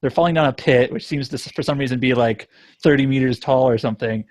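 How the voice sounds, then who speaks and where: A man's voice: medium pitch, quick pace, darkish tone, no room sound. A man co-hosting a podcast in casual chat, rambling with lots of fillers and restarts. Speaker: podcast co-host.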